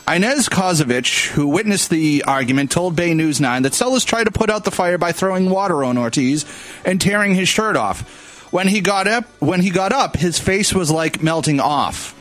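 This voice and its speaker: A man's voice: a little high, a bit bright, rough recording. Chatty male radio host reading the news. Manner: joking, laughs often, stumbles over words. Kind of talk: casual radio chat, reading news stories.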